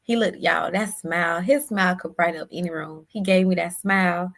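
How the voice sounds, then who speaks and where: A woman guest telling a personal story in a halting, emotional way, often repeating her words. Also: lowish voice, steady tone, vocal fry, a bit bright. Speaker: podcast guest.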